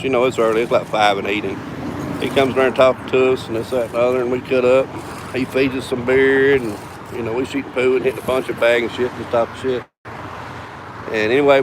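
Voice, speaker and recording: A man with a drawl tells a rowdy bar story in loose, profane, casual talk, chuckling as he goes. His voice sits at an ordinary middle pitch. Steady traffic and outdoor noise run behind him. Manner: drawling, profane, laughs between lines. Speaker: vlogger telling a story.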